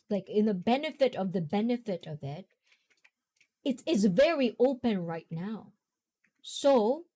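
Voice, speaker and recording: A woman's voice: mid-range voice, mellow. A young woman hosting a casual talk, rambling and chatty, often laughing. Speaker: host.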